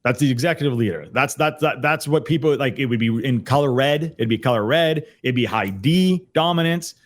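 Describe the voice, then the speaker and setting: Energetic man in a casual chat. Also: mid-range voice, fairly quick. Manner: energetic, repeats words and restarts often. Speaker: podcast guest, sales trainer. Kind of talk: casual conversational explanation. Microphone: computer on a video call.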